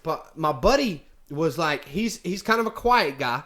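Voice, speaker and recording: A man's voice: fairly high pitch, expressive, measured pace, fairly bright tone. A man casually telling a story, rambling with many fillers and restarts. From United States. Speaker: vlogger.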